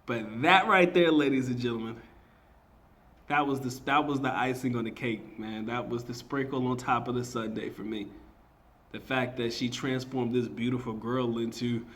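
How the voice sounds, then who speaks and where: A man's voice: mid-range voice, fairly even intonation, normal speed, fairly bright tone. A man, a marketing teacher, giving a slangy, casual reaction commentary, emphatic and often laughing.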